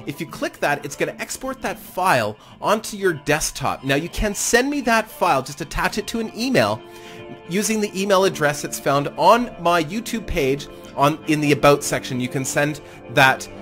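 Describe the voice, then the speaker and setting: A man's voice: fairly high pitch, moderate pace, faint music behind. A man hosting a fan game tournament, chatting casually and commentating on the matches. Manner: animated, chatty, self-deprecating with laughs. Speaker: gaming YouTuber hosting a tournament.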